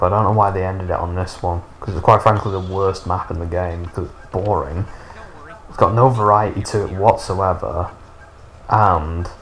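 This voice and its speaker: A man's voice: sits low, slight background noise. Sweary sarcastic man in his thirties. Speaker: gaming YouTuber. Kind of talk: casual gameplay commentary.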